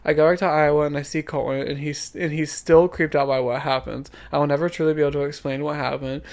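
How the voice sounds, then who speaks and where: A woman's voice: low voice, steady tone, quick pace, a little mellow. A woman, co-hosting a podcast, chatting casually and reading spooky stories aloud, swearing now and then. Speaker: podcast co-host.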